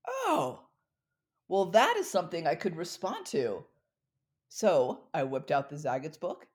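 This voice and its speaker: A middle-aged woman telling a personal story in a talk, expressive and acting out the dialogue she recalls. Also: low-pitched, normal speed. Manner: expressive, acts out quoted dialogue. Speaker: speaker.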